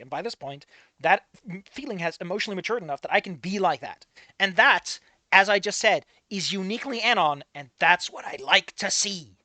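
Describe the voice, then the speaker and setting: A lively, bouncing voice reads a fan story aloud and keeps breaking off to mock it with sarcastic, profane asides. The tone is bright and edgy. It sounds dry and close, with no room around it. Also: medium pitch, quick pace, no echo. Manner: animated, sarcastic, swears, breaks off mid-reading to comment. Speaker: fanfic reader and reviewer. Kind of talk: reading a story aloud with running commentary.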